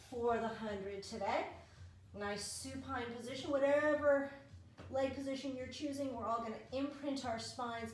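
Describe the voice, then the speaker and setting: A woman leading a home pilates class, counting reps and cueing breaths in an encouraging way. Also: a little high. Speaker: pilates instructor. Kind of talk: guided exercise class. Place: dining room at home. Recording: very echoey room, distant mic, faint noise.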